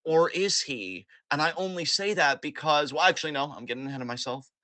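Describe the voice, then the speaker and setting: A man hosting a podcast, recapping events in an animated, joking way with plenty of swearing. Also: fairly high pitch, a little fast, no room sound. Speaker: podcast host. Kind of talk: casual wrestling recap chat.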